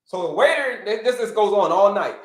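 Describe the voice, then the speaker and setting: Animated high-pitched male health coach. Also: fairly quick, roomy sound. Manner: animated, repetitive, preacher-like cadence. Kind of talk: live-stream talk to viewers.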